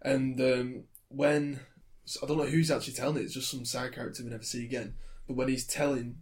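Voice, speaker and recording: A man chats about films with friends, his voice mid-pitched and animated. He laughs often and tells his favourite moments with relish. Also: brisk. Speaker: podcast co-host. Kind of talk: casual chat.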